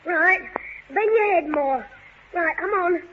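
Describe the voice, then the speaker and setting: A woman's voice: very high-pitched, takes it slowly, noisy background. A woman playing a wisecracking, bossy young lad. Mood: cheeky. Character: cheeky, quick-witted young London lad, Jim. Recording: dull old radio recording.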